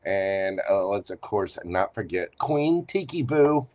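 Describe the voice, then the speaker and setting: A man's voice: fairly low pitch, very animated, slow, very noisy. A man reading tarot cards live for viewers in a chatty, playful manner with teasing asides. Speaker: tarot reader.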